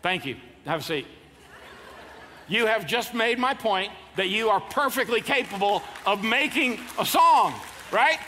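Man, 50s, pastor, high voice, sermon in a reverberant church hall. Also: lively intonation, unhurried, bright, forceful tone, slight background noise. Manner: playful, jokes with the congregation, leads them in call-and-response. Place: large church auditorium. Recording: hall reverb, faint ambience.

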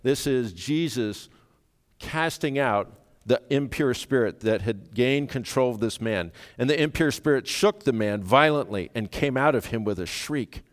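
A man preaching a sermon, speaking earnestly and rising to sudden loud emphasis when he quotes. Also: medium pitch, expressive, measured pace. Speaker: pastor. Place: church sanctuary. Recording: reverberant church hall.

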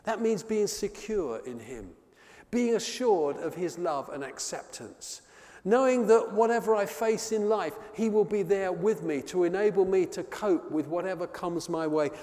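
Lively high-pitched man preaching in a hall. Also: measured pace. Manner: expressive storytelling, drops to soft low tones on key words. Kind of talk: sermon. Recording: long reverb of a hall.

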